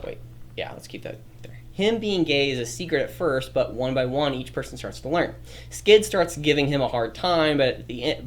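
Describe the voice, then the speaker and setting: A streamer thinking aloud while drafting a story, rambling, correcting themselves and often laughing. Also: medium pitch.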